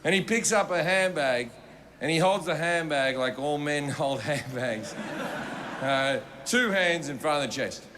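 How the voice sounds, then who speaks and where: A man telling a stand-up comedy story in an animated, profane way, acting out the scenes. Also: fairly high pitch, measured pace, background noise.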